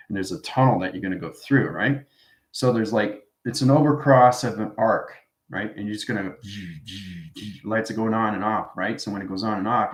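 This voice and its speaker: A man's voice: lowish voice, normal speed. A man teaching an informal spiritual class, rambling and tagging his statements with "right?" as he goes. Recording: roomy echoey room.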